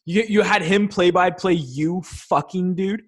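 A man's voice: sits high, unhurried, breathy edge. A young man co-hosting a podcast, talking bluntly with lots of swearing in casual chat. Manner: profane, blunt, bro-ish. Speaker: podcast co-host.

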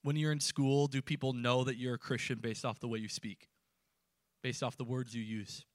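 A man preaching a sermon to students, emphatic and rising, then dropping suddenly to quiet words. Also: medium pitch, level tone, moderate pace, no echo, studio quality. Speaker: pastor.

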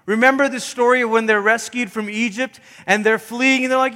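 A male pastor with a high voice and a bright, forceful tone delivers an animated sermon. He acts out voices and breaks into snatches of song as he preaches. His voice carries a long reverb from a church sanctuary. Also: fast, few pauses.

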